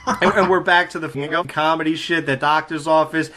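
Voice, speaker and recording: A man's voice: a little high, moderate pace. A man hosting a casual chat about an old comedy film, swearing freely and laughing as he talks. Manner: profane, animated, laughing as he talks. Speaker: podcast host.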